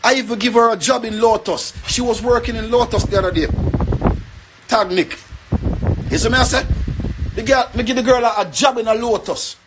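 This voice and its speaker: A man's voice: very high voice, fairly quick, pauses often, background noise. A young man with a Jamaican accent, rambling and pleading in an emotional rant to the camera. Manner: pleading, rambling, repeats himself.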